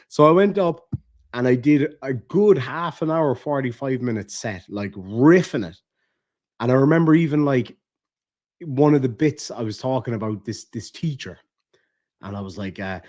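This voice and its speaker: Irish male comedian, mid pitch, loose and animated storyteller on a stream, salty language. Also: moderate pace. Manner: swears freely, animated and chatty, laughs at his own stories. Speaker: comedian and online creator. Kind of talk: casual storytelling on a live stream.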